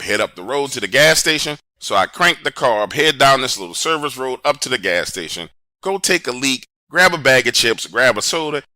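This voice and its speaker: Man, first-person scary storytelling, conversational with dramatic pauses, lively swinging pitch, very bright tone. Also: no echo, clean studio sound. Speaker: horror storyteller.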